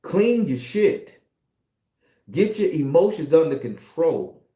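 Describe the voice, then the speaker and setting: High-voiced, profane tarot reader ranting. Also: male voice, slow pace, echoey room. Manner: profane, animated, preachy. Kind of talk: casual rant monologue.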